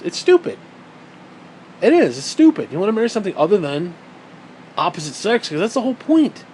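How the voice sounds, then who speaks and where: A man's voice: high voice, a little mellow, slight background noise, rough recording. A man delivering a heated, profane and sarcastic ranting monologue as a vlogger.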